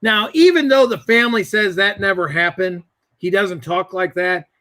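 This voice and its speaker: A man's voice: high-pitched, normal speed, bright, forceful tone, dry recording. A man in a casual chat, telling a family story in a rambling way, with many restarts and fillers. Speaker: guest.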